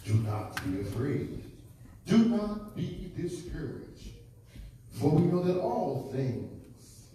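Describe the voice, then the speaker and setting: Guy doing god's voice, slow solemn and reassuring, mellow, lots of church echo. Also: medium pitch, slight background noise. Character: voice of God, calm and reassuring. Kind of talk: church skit voice-over. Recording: echoey church hall, distant mic.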